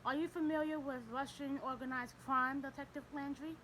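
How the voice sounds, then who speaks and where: A woman's voice: high voice, steady tone, normal speed, fairly bright tone, a little hiss or hum, rough recording. A woman reading the part of a stern, elderly male Russian priest who speaks tersely and formally in an audiobook. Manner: terse, formal, ignores questions.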